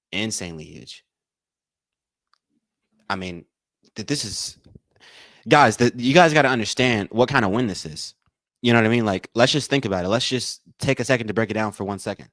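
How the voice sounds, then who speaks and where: A man hosting a live watch-along stream, calling plays, thanking donors, and repeating himself with excitement. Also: fairly low pitch, dry recording. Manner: excitable, repeats phrases, says y'all a lot. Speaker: livestream watch-along host. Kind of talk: live game commentary and chat.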